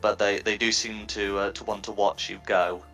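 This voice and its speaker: A man with a fairly low voice runs a tabletop game, describing scenes for his players. His narration halts often, with lots of fillers and restarts as he finds the words. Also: level tone, moderate pace, a bit bright, soft background music. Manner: hesitant, many fillers. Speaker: game master.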